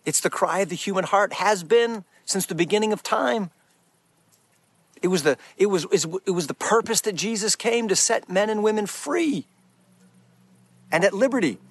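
A man's voice: high-pitched, animated, moderate pace. A man giving an earnest, emphatic preaching talk as a Christian speaker, restarting his phrases often.

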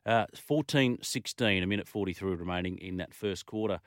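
Man, Australian accent, radio sports host, lively chatty delivery, low voice, dry studio sound. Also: a little fast, dry recording. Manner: lively, chatty, reads out listener messages. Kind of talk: talkback radio chat.

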